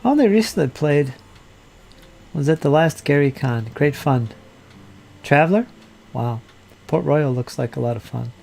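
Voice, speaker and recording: A man's voice: medium pitch, normal speed, creaky, warm tone, slight background noise. A man hosting a casual live hobby chat while he crafts, rambling and joking and often laughing at himself. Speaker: hobby channel host.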